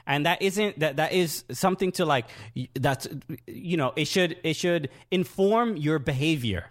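Male podcast co-host, voice a bit high, earnest, stop-start delivery. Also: expressive. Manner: halting, many restarts, earnest. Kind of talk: casual comedic chat.

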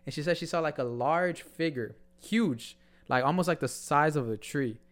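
A man on a podcast telling a story in relaxed, slangy casual chat, often restarting his sentences. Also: fairly high pitch, normal speed. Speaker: podcast co-host.

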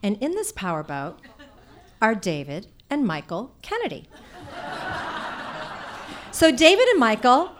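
A woman telling a personal story before a live audience, in an animated, chatty way with many "like"s. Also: on the high side, a little slow, pauses often, noisy background.

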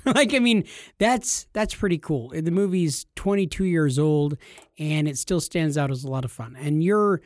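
Male podcast co-host, high-pitched, playful joking delivery. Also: moderate pace, a little mellow, no echo, clean studio sound. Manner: jokey, laughing banter. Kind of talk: casual podcast chat.

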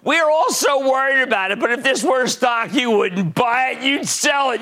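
An older man hosting a market show, delivering theatrical stock commentary, swinging from shouts to low asides. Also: moderate pace, few pauses.

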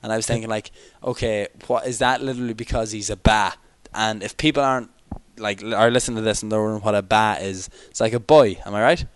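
A man's voice: fairly low pitch, steady tone, fast talker, few pauses, clean tone, no echo. A young man co-hosting a podcast in rambling, jokey, tired late-night chat. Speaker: podcast co-host. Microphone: external microphone.

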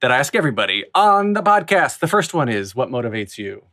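A man hosts a podcast in a loose, joking way. His pitch swings widely as he talks, and he slips in quick asides between questions. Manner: lively, jokey, with quick asides. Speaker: podcast host. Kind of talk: casual interview chat.

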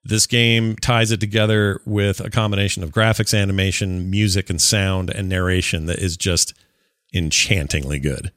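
A man's voice: low voice, steady tone, moderate pace, fairly bright tone, no room sound, clean studio sound. A man in his forties chatting casually as a podcast host, rambling enthusiastically with restarts. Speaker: podcast host reviewing a game. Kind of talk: casual chat.

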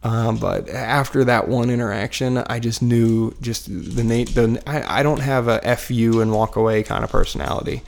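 On the couch in his living room, a man in his thirties casually rambles through a personal story, poking fun at himself and using lots of fillers. His gravelly mid-range voice stays steady at a moderate pace with hardly any pauses, while a dog barks nearby.

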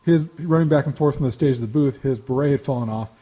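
A man's voice: mid-range voice, fast, warm tone. A man telling rambling anecdotes on a casual podcast, chuckling now and then. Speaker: podcast co-host. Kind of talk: casual storytelling chat.

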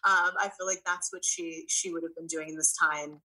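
A woman's voice: on the low side, fairly even intonation, moderate pace, sharp tone, rough recording. A woman, an actress guest in an interview, speaking in a reflective, earnest way. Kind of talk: casual interview chat.

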